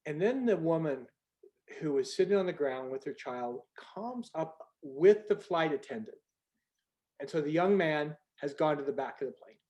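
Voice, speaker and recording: An older man telling a personal story on a group video call in an earnest, conversational way, going soft at the moving parts. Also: on the high side, lively intonation, moderate pace. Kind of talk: storytelling talk.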